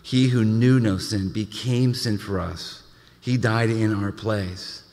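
A male pastor preaching a sermon, animated, with frequent stammered restarts and joking asides. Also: on the low side, slow. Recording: reverberant hall.

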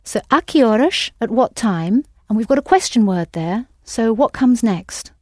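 A woman's voice: on the high side, lively intonation, moderate pace, mellow, dry recording, clean studio sound. A woman teaching a language lesson, patiently prompting her students with questions.

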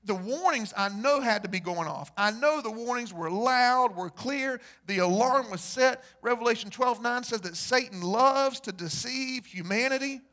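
A man preaching a sermon, telling stories and acting out the people in them, building to loud emphasis. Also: very high voice, animated, normal speed, hardly any pauses. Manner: storytelling, acts out quoted voices, rises to loud emphasis. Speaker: pastor.

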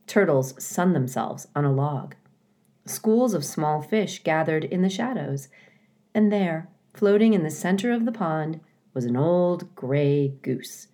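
A woman teacher reading a children's storybook aloud, expressive and animated. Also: deep voice, slow pace.

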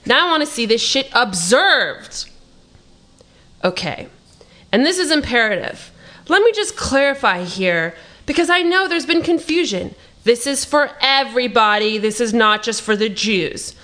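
Woman reader voicing an exasperated, foul-mouthed God for a play reading; sarcastic rant, fairly high pitch. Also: expressive, unhurried, bright, forceful tone. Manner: ranting, profane, sarcastic.

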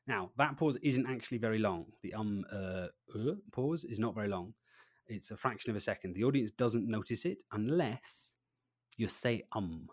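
A man giving an interview about his training work, lively, acting out little voices and swinging between loud and quiet. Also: fairly low pitch, moderate pace, no echo, clean studio sound. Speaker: presentation trainer, guest. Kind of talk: animated podcast interview.

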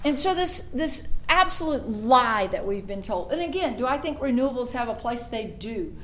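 Speaking to a meeting in a room full of listeners, a middle-aged state senator delivers a lively political speech, impersonating those she quotes and steadily building emphasis. She speaks at a normal speed with a fairly high pitch.

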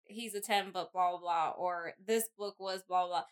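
A woman's voice: lowish voice, fairly even intonation, normal speed, clean tone. A woman co-hosting a casual book-club podcast, speaking bluntly, laughing and swearing casually. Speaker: podcast co-host.

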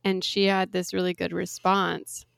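Young woman, casual podcast chatter, gravelly edge, dry close sound, filler-heavy. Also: on the low side, level tone, unhurried, dry recording. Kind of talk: casual chat.

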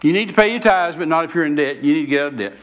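A man preaching in a lively, storytelling way with a fairly high voice for a man. He acts out both sides of conversations and often repeats words as he builds his point. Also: racing. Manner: animated, acts out quoted dialogue, repeats words. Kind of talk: storytelling sermon talk.

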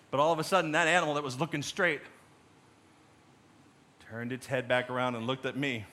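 A man preaching a sermon in a conversational storytelling way, dropping to quiet dramatic moments. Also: on the high side, steady tone, brisk, pauses often. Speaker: pastor.

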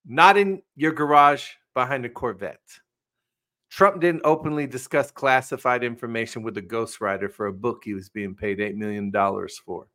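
Bright-voiced man giving emphatic commentary. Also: medium pitch, moderate pace. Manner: emphatic, talks to viewers directly. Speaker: co-host. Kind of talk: casual political commentary.

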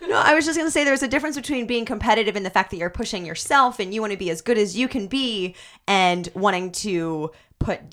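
Woman guest, hoarse from losing her voice, chatty and reflective. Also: mid-range voice, fairly bright tone. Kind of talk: casual podcast chat.

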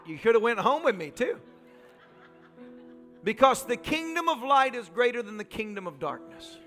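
A male pastor preaching a sermon, telling vivid personal stories in quick, emphatic phrases. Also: high voice, bright, forceful tone. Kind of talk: sermon storytelling.

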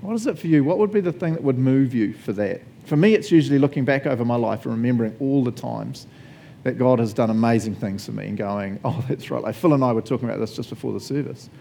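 Chatty man preaching with a mellow voice. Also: mid-range voice, fast, creaky, a little hiss or hum. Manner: conversational, laughs often, asks the congregation questions. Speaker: pastor. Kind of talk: sermon.

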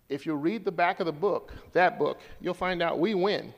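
A male pastor preaching a sermon to his congregation, swinging from hushed lines to loud, high calls. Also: moderate pace, few pauses, big-room sound.

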